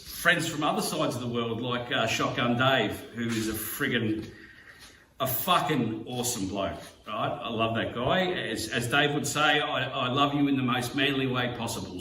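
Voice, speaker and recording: An Australian man giving a heartfelt, halting video message to his slot car friends, often swearing and pausing on fillers. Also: mid-range voice, pushed and bright. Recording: roomy, distant mic, faint background hum.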